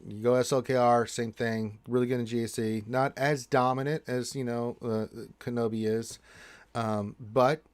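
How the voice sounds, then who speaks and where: Casual gamer man for a livestream co-host, slangy and relaxed, mid-pitched, dry close sound. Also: normal speed, no room sound. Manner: laid-back, slangy, calls people dude and man. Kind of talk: casual chat, reading viewer questions.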